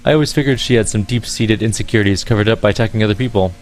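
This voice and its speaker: A man reading a cynical, blunt male porter in a video game, in a low, close-to-plain voice. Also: rapid-fire, slight background noise, close to an everyday voice. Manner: blunt, dismissive.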